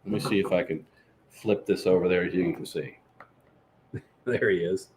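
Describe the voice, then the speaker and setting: A man with a somewhat low voice hosts a loose, chatty live show. He talks about himself in the third person with swaggering bravado and answers viewers' comments as they come in. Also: moderate pace, a little mellow, slight background noise. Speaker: podcast host. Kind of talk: casual live-stream chat.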